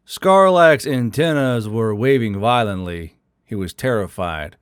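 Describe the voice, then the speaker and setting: A man narrates a science fiction story as a scripted audiobook, steady and even in delivery. His voice sits at a middling pitch and sounds dry and close, with no room around it. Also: slow pace, clean tone, no room sound.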